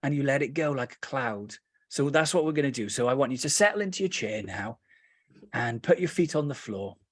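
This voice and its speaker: With a British accent and a mid-range voice, this meditation teacher first shares animated, playful anecdotes, then eases into gentle, unhurried guidance. The recording has no echo and sounds clean, like a studio.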